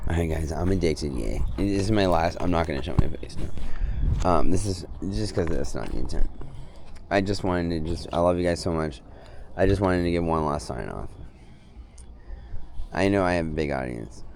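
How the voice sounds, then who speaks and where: Low-voiced rambling man vlogging outdoors. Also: animated, moderate pace, vocal fry, a little mellow. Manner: rambling, drifting from topic to topic. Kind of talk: casual self-filmed vlog. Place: outdoors in hot weather. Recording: noisy outdoor recording.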